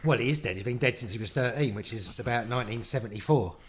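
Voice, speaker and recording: A man's voice: medium pitch, fast, a little hiss or hum. A man with a rambling, mock-sincere manner, trading crude insults as a podcast co-host. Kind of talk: crude comedy banter.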